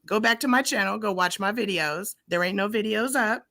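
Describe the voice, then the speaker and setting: With a mid-range, bright voice, brisk delivery, vocal fry, and a forceful tone, an American woman argues heatedly on her livestream. She is profane and confrontational and keeps repeating herself.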